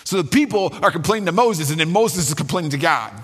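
A male preacher delivers a sermon in a relaxed, conversational style, often restarting his phrases. His voice sits a little high. The room adds a long, trailing reverb. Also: quick pace, slightly rough. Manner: conversational, restarts, colloquial asides.

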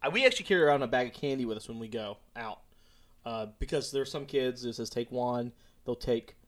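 Animated man in casual chat. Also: medium pitch, a little fast. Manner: animated, laughs often.

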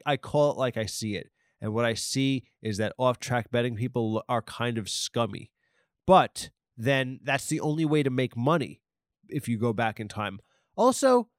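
Male podcast host, rambling comic monologue, swears freely, excitable, average pitch, dry close sound. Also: no echo.

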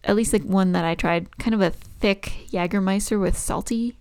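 A woman's voice: medium pitch, steady tone, normal speed, darkish tone, clear, resonant tone. A woman co-hosting a podcast in casual chat, talking into a podcast microphone in a chatty, rambling, self-deprecating way. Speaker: podcast co-host.

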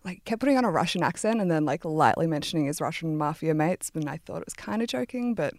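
A young woman, telling a chaotic dating story on a podcast, fast and laughing at herself. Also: sits low, expressive, a little mellow, dry recording, clean studio sound. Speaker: podcast guest. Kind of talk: casual storytelling chat.

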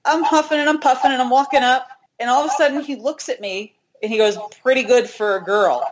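Brief: middle-aged woman, interview guest, animated storyteller, voice swoops up when quoting people. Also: sits high, fast talker. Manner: animated, acts out quoted dialogue.

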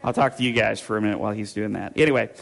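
A man's voice: on the low side, rapid-fire, vocal fry. A man pastor giving a conversational sermon, rambling through personal stories with fillers and restarts before turning to scripture. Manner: casual, rambling storytelling with fillers and self-interruptions.

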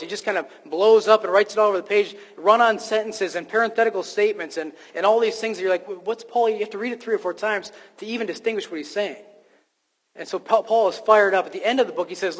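An emphatic man preaching, his voice pitched high and full of restarts and fillers as he presses his point. His voice rings out with the long reverb of a large hall. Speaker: pastor. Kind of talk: sermon.

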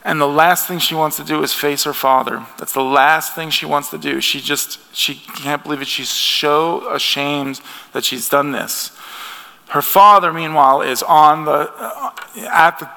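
Gravelly, bright-voiced man preaching in a hall. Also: on the high side, steady tone, a little slow. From United States. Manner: earnest, conversational preaching with restarts. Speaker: pastor. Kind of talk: sermon. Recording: long hall reverb.

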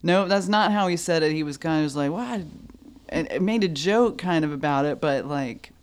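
A woman telling a story in a casual chat, animated and laughing often, acting out what people said. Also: low-pitched, fairly quick, slight background noise.

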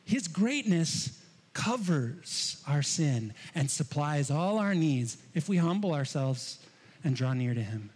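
A man preaching a sermon to his congregation, animated, swinging between loud emphasis and hushed asides. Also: fairly high pitch, slow pace, husky. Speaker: pastor. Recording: long hall reverb.

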